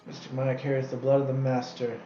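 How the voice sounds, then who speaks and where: A man's voice: medium pitch, flat delivery, brisk, mellow, echoey room, dull audio, soft background music, close to an everyday voice. A man voicing a haughty, formal older woman who speaks in a prim, old-fashioned way while reading a game's dialogue on stream. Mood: stern. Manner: prim, archaic, overly polite.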